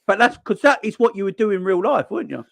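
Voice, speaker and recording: A man chatting casually as a fan channel co-host, lively and full of tag questions. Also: high voice, fast talker, vocal fry, no echo. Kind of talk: casual chat.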